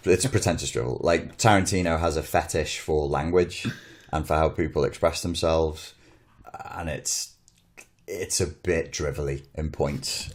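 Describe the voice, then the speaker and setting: A man in casual podcast chat, rambling and blunt, often restarting his sentences. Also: very deep voice. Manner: rambling, blunt, swears, self-interrupting. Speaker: podcast co-host.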